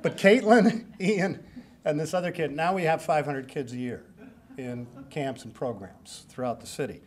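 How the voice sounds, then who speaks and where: A man's voice: fairly high pitch, normal speed. Joking, rambling older man giving a speech. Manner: joking, self-deprecating, rambling. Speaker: hall of fame inductee giving a speech. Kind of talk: banquet acceptance speech.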